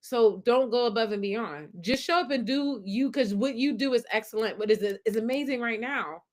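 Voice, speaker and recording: Animated woman hyping up her chat. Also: fairly high pitch, normal speed. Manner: animated, affirming, hypes up commenters. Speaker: podcast host reading live chat. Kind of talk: casual live-stream chat.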